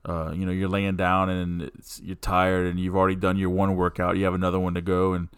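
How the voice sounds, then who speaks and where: A man's voice: low-pitched, monotone, a little fast, smooth, no echo, studio quality. A man hosting a casual podcast, talking in an easygoing, rambling way with lots of fillers. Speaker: podcast host.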